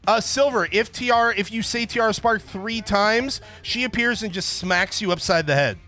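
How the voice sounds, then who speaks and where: A man's voice: high voice, normal speed, sharp tone, faint music behind. A man hosting a livestream, chatting casually and joking with viewers in a rambling way. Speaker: stream host.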